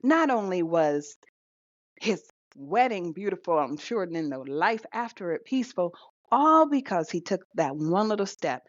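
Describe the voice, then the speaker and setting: A woman co-hosting a podcast talks in an animated, casual way with a fairly low voice. The recording is dry with no room sound, and its lo-fi quality makes it a little dull. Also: moderate pace, dry recording. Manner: animated storytelling with laughs and fillers. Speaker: podcast co-host. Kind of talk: casual chat.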